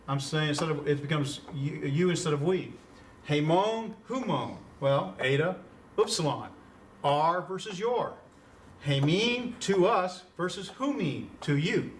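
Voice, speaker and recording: A man's voice: fairly high pitch, a bit bright, distant mic, a little hiss or hum. A man teaching an introductory Greek class in a conversational lecture style, quizzing students and chuckling at his own puns. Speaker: Greek instructor.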